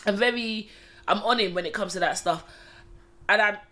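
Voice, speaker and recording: Podcast guest: woman in her thirties, middle pitch, sharp and bright tone, an expressive storyteller. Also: normal speed. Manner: animated storyteller, swears a lot, laughs often. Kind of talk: casual conversation.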